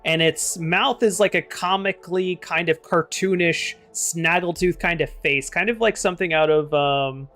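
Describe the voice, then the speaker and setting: A man with a slightly high voice runs a tabletop game as game master. He describes scenes in a loose, chatty way, with light music playing underneath. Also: moderate pace, few pauses, fairly bright tone.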